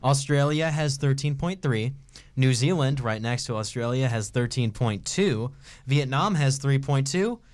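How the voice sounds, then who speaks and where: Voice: medium pitch, lively intonation, a little slow, darkish tone. A podcast host running a casual group chat segment, quizzing friends and joking.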